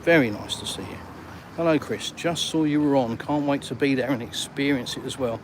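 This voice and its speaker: An older English man with an English accent talks casually to his viewers while walking outdoors by the water. He chats in a matey way and reads out comments as he goes. Street noise and passing vehicles are clearly heard behind him. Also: medium pitch, brisk. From England. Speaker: vlogger. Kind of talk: live-streamed walk and talk.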